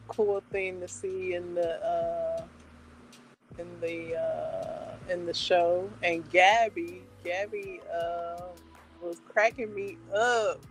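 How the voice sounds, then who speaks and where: A woman's voice: fairly low pitch, low-quality recording. A woman hosting her channel, chatting casually in a meandering, hesitant way with many fillers and restarts. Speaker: book club channel host. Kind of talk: casual chat.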